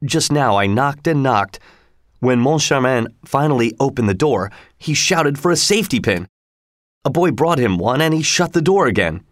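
A man's voice: medium pitch, expressive, normal speed, no room sound, studio quality, close to an everyday voice. A man voicing a suspicious male theater secretary who presses his colleagues with insistent, accusing questions. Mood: agitated.

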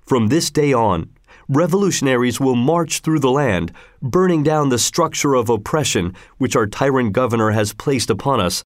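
A man's voice: mid-range voice, animated, moderate pace, no echo, studio quality, lightly acted. A man voicing a modest heroic archer making an earnest speech.

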